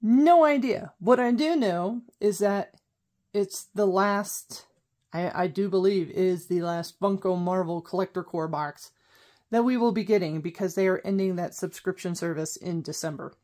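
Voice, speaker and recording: A woman's voice: lowish voice, moderate pace, mellow. Rambling, chatty woman vlogger. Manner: rambling, self-correcting, chatty. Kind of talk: casual chat.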